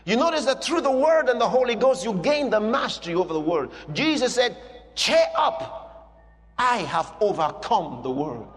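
A man preaching a sermon with emphatic, repetitive declarations that rise to shouting. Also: sits high, sing-song, brisk, few pauses. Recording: long hall reverb with faint music.

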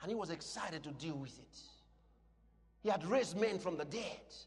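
A man preaching a sermon with passion, swinging between loud shouts and quieter asides. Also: a little high, lively intonation, moderate pace, husky. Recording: long hall reverb.

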